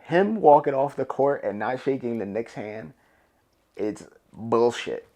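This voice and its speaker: A man's voice: mid-range voice, animated, measured pace, warm tone. A young man with a New York accent, hosting a solo podcast in a loose, rambling, profane, emphatic way. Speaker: podcast host. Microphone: camera and podcast mic.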